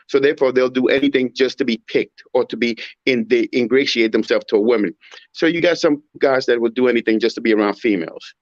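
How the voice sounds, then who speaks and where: A man's voice: medium pitch, fast, dry recording. Man, opinionated casual talk, emphatic, muffled lo-fi sound. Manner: emphatic, rhetorical, mimics others in raised voice. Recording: dull muffled audio.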